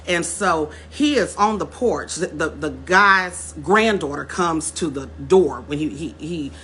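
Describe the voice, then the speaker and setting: With slight background noise behind her, a vlogger speaks in a low-pitched, fairly bright voice, animated yet a little slow. She shares a story straight to camera, calling everyone y'all, repeating words and building to emphatic points.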